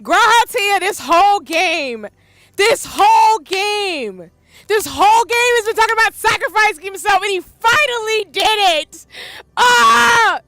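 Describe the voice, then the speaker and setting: A woman's voice: very high-pitched, animated, measured pace, a bit bright, no echo. A woman game streamer reacting live, gushing and exclaiming while crying, with faint game music behind her.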